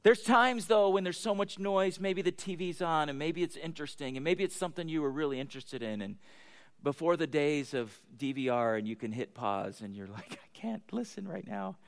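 A man's voice: on the high side, brisk, smooth. A middle-aged man preaching a conversational sermon, chatty and self-deprecating, often asking the congregation questions. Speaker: pastor.

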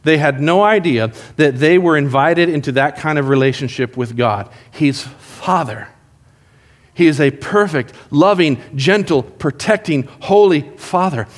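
Animated high-voiced man preaching. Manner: animated storytelling, acts out prayers. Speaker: pastor. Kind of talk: sermon.

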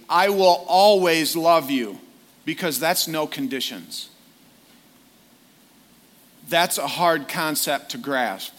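A man's voice: fairly high pitch, fairly bright tone. A man preaching a sermon in a conversational way, often putting direct questions to his listeners.

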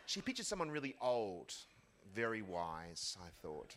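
A man's voice: mid-range voice, lively intonation, unhurried, fairly bright tone. A man with an Australian accent, a ministry head giving a live talk full of funny anecdotes. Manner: jokey, self-deprecating storyteller. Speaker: ministry CEO and speaker.

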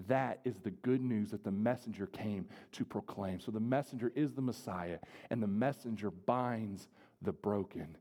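A male pastor preaching a sermon, swinging from loud, fervent appeals to hushed, slow passages. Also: lowish voice, in a large hall. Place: church sanctuary.

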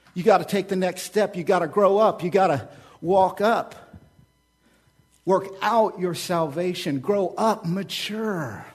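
A man preaching a sermon as a pastor. He swings between loud, urging calls and quiet asides, and repeats key phrases as a refrain. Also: high voice, husky.

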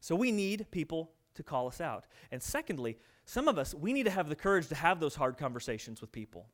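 A minister with a notably high voice delivers a sermon, talking to his listeners directly and plainly. He pushes some points out loudly and drops others to a near hush. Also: sing-song, a little fast. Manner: earnest, conversational preaching that swings from loud to hushed.

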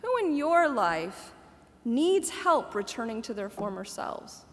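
A woman's voice: a little high, very animated, takes it slowly, slight background noise. A woman in her forties giving a conversational sermon, laughing at her own asides. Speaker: preacher. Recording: echoey hall reverb.

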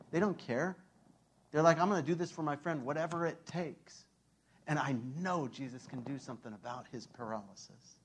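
Animated, chatty man preaching, slightly high voice. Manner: animated, conversational, with many fillers. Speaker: pastor. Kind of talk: sermon.

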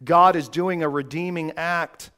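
A man preaching a sermon, slow and emphatic, with dramatic pauses. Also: a little high, fairly even intonation, sharp tone, clean tone. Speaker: pastor.

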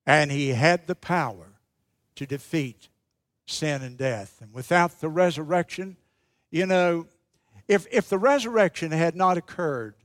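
A man preaching a sermon as a pastor, telling stories in a slow, emphatic and dramatic way. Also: on the high side, dry recording, clean studio sound.

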